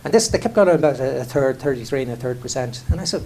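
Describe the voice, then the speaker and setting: A man's voice: medium pitch, very fast, a little mellow. A middle-aged Irish man, an airline chief executive, telling candid, self-deprecating stories in a conversational way, full of restarts and "you know". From Ireland. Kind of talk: candid anecdotal talk on stage.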